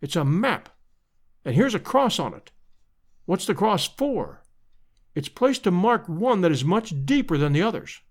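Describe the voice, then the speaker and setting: A man voicing a brisk, hearty aristocratic adventurer in a storybook reading. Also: high-pitched, big pitch swings, exaggerated voice. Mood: eager.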